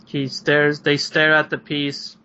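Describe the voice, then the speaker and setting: A man's voice: fairly high pitch, monotone, slow pace, sharp tone, slight background noise. A man narrating a tabletop game as game master, rambling with many fillers, over a video call. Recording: muffled lo-fi online call.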